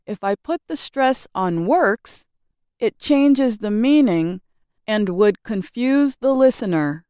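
A woman teaches an English grammar lesson in a slow, unhurried read. Her voice is smooth and resonant, and her intonation rises and falls a lot. The recording is dry and close. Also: a little high, lively intonation, mellow, no echo. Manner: slow, careful, clearly enunciated teaching delivery. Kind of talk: scripted narration of a grammar lesson.

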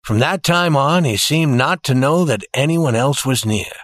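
Guy reading a story out loud, bouncy pitch, dry close mic. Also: expressive, moderate pace, dry recording. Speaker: narrator. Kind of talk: scripted story narration.

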